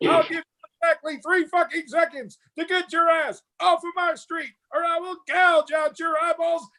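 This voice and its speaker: A man's voice: extremely high pitch, fairly even intonation, moderate pace, voice pushed up, exaggerated voice. Shrieking, foul-mouthed drill sergeant who bellows his insults. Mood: furious. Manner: shouted insults, barked. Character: screaming male military drill sergeant, vulgar. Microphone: video call.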